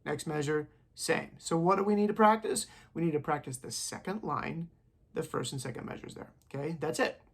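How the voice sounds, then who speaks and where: A man's voice: fairly high pitch, moderate pace, creaky. A male music teacher, recording on his phone, walks students through rhythms by chanting the counting syllables aloud, casual and encouraging. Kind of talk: online band lesson. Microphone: phone recording himself.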